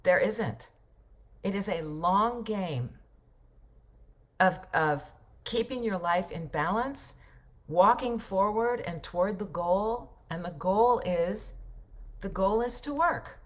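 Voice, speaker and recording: A woman's voice: medium pitch, expressive, slow. A middle-aged woman, a voiceover coach, chatting casually on a livestream and reading out viewer comments, reflective and rambling.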